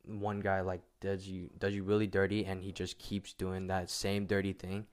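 A young man in casual podcast chat, slangy and rambling, often dropping to a low mutter. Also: completely flat delivery, moderate pace.

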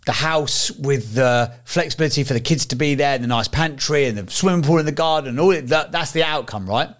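Fast-talking rambling man on a podcast. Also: fairly high pitch. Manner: rambling, swears a lot. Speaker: podcast co-host. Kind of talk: casual chat.

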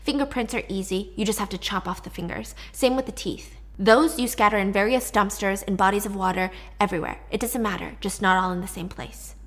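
A woman voicing a cold, scheming young woman captive who speaks in a calm, hushed, coaxing way while retelling a story. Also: medium pitch, fairly quick, hardly any pauses, close to an everyday voice.

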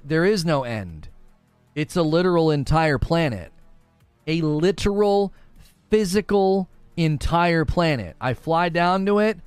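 A man's voice: a little high, clean tone, no echo. A man streaming live, answering chat in a sarcastic, incredulous and emphatic way. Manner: animated, emphatic. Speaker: gaming streamer. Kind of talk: live commentary reading chat.

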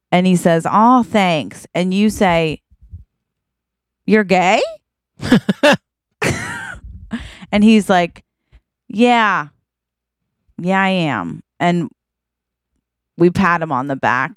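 A woman's voice: fairly low pitch, smooth, dry recording, studio quality. A woman co-hosting a podcast, telling an improvised comic story and acting out the characters' lines. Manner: acts out characters' quoted lines. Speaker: podcast co-host.

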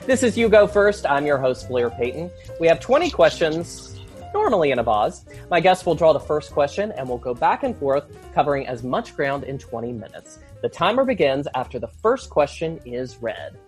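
A woman with a Southern accent hosting a casual interview, playful and expressive. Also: sits low, moderate pace, faint music behind. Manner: playful, expressive, laughs easily. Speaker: host.

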